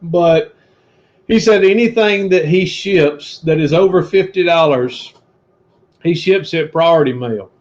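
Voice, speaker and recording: Male livestream co-host, earnest and preachy, higher voice, muffled lo-fi stream sound. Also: measured pace, darkish tone. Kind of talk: casual livestream chat. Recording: dull lo-fi stream audio.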